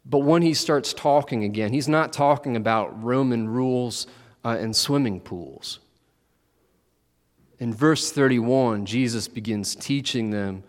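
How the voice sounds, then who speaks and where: A man preaching a sermon, telling the story with animated, acted-out quotes. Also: mid-range voice. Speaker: pastor. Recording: long reverb of a large hall.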